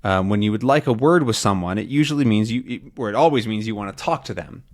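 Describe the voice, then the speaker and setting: A man's voice: on the low side, fast. A man who is an English teacher, explaining a comic for learners and often rephrasing his words. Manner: animated, repeats and rephrases.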